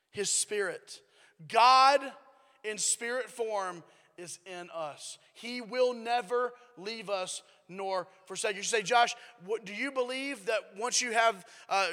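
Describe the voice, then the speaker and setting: A man pastor preaching a sermon in a church, emphatic and dropping to a hush at times. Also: high voice, big-room sound. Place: church sanctuary.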